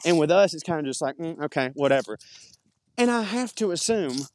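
This high-pitched man talks a little fast with lively intonation, rambling in a thick Southern US accent. As a podcast host walking outdoors in the woods, he's chatty and self-deprecating, and a bit out of breath on an uphill stretch.

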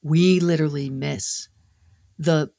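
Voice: medium pitch, steady tone, slow, gravelly, mellow, no echo, studio quality. Earnest, impassioned faith podcast voice. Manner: earnest, impassioned, repeats phrases in building runs. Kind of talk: casual faith discussion.

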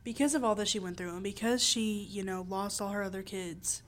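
A woman's voice: mid-range voice, a little fast. A young woman co-hosting a casual podcast, ranting animatedly about books and films with exaggerated quoted reactions. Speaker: podcast co-host. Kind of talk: casual chat.

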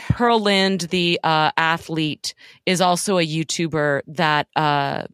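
A woman's voice: low voice, slow, fairly bright tone, clear, resonant tone, dry recording, clean studio sound. A woman co-hosting a podcast in casual chat, blunt and sardonic, swearing freely. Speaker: podcast co-host.

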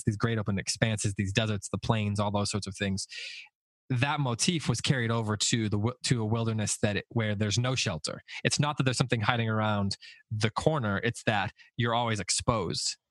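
A man's voice: on the low side, steady tone, fairly quick, dry recording. A man leading a casual book discussion, thinking aloud with frequent restarts and self-corrections.

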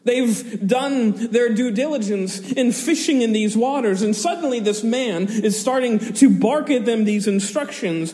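A man's voice: high voice, moderate pace, a little mellow, big-room sound. A man preaching an expository sermon, retelling a scripture story vividly with chuckling asides.

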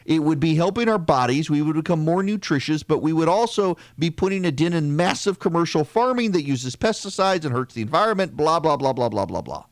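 A man's voice: a little high, lively intonation, a little fast, few pauses, no echo, studio quality. Opinionated man hosting a political podcast. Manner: opinionated, conversational, with frequent restarts and asides. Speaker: podcast host. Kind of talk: political commentary monologue.

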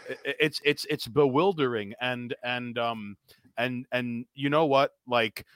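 An American man telling stories on a podcast, animated and profane, filling pauses with likes and ums. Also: mid-range voice, clear, resonant tone, no room sound. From United States. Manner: animated storyteller, profane, many fillers. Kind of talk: casual conversation.

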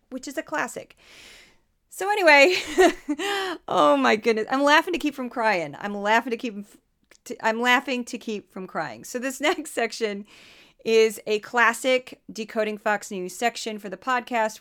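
A woman hosting a podcast, talking in a lively, sarcastic, laughing way. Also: fairly high pitch. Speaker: podcast host. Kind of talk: casual commentary.

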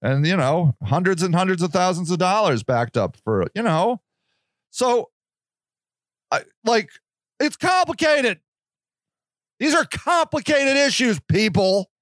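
A high-pitched man rants through a casual podcast monologue, swearing freely and dripping with sarcasm. The sound is dry and close, with no room echo. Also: very animated, unhurried. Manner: profane, ranting, sarcastic. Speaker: podcast host.

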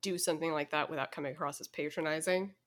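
A woman's voice: low-pitched, fairly even intonation, fast talker. A woman in casual podcast conversation, laid-back and agreeable, often laughing along.

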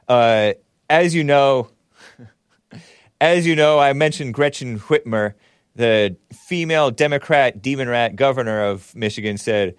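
A man's voice: medium pitch, unhurried, smooth, no room sound, clean studio sound. A man hosting a podcast, delivering mocking, sarcastic political commentary and laughing at his own jabs. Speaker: podcast host.

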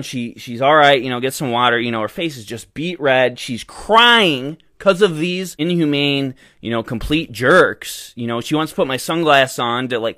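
A man's voice: medium pitch, sharp tone, no echo. Indignant young man, dry close sound. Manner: indignant, ranting, rambling with many fillers. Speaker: podcast host. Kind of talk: casual storytelling monologue.

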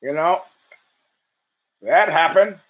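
A man with a fairly high voice hosts his own talk show, spinning a long, profane anecdote off the cuff. He stammers and restarts as he goes and slips into the other people's lines when he quotes them. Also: animated, slow pace, rough recording. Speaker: podcast host. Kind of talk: casual storytelling monologue.

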